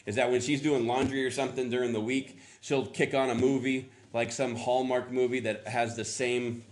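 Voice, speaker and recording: A man's voice: mid-range voice, level tone, moderate pace, slight background noise. A middle-aged man preaching a casual sermon, rambling and chatty as he coaxes answers from the congregation. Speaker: pastor.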